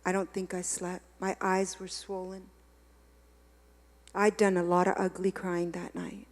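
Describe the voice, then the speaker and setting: A woman giving a confessional sermon, dropping to a hush and rising to loud preaching. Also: on the low side, level tone, measured pace, in a large hall. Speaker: guest speaker. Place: church hall.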